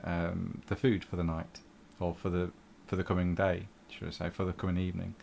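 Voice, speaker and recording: Low-voiced man narrating a tabletop game. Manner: relaxed, unhurried narration with fillers. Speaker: game master.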